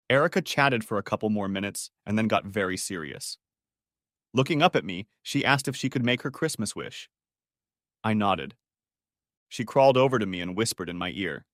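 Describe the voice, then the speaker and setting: A man's voice: on the low side, fairly bright tone, no echo, clean studio sound. A man narrating a first-person story audiobook in a wry, conversational way.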